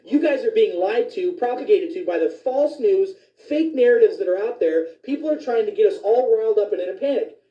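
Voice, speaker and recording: A man's voice: sits high, lively intonation, fairly quick, few pauses. A man who is a physician, ranting indignantly with profanity in a commentary video. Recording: distant, echoey, dull lo-fi sound.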